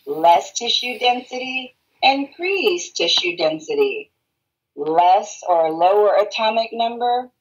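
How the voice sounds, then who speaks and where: Captured on a low-quality recording, a woman lectures a radiology class with a mid-range, slightly breathy voice. She returns to key terms again and again and checks in with questions to make sure students understand.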